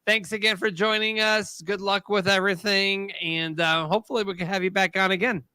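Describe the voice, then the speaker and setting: An American man with a bright, somewhat high voice, upbeat and thankful as he hosts a loose talk show. The sound is dry, with no room around it. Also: steady tone, a little fast, clear, resonant tone, dry recording. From USA. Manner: upbeat, thankful, wraps up guests. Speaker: show host. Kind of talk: casual talk show hosting.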